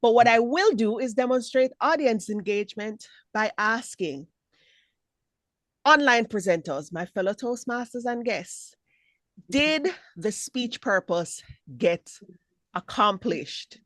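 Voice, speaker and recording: A woman giving spoken feedback as a speech evaluator on a video call, encouraging and lively, acting out examples as she talks. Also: on the high side, slow pace, dry recording. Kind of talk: spoken feedback at an online meeting.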